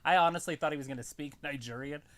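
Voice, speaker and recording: A man's voice: on the high side, fast talker, a bit bright. A man co-hosting a casual live stream, making laid-back, wry remarks with short laughs. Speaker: co-host of a live wrestling watch-along stream.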